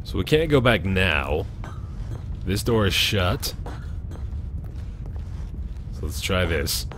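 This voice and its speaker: A man's voice: deep voice, very animated, slow pace, a bit bright, slight background noise. A man casually commenting as he plays a video game, thinking aloud in a chatty way. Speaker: gaming channel host. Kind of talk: let's play commentary.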